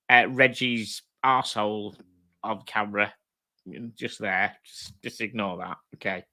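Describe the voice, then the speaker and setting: Reading chat messages out loud, a livestream host at home with his dogs banters crudely with his viewers and laughs often. His voice is mid-range, pushed and bright, and his manner is sweary and blokey.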